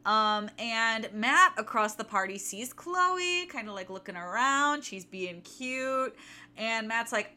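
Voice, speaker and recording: Bright-voiced young woman, chatty and sarcastic. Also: fairly high pitch, animated, slow, smooth. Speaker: podcast co-host. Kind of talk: casual book-club chat.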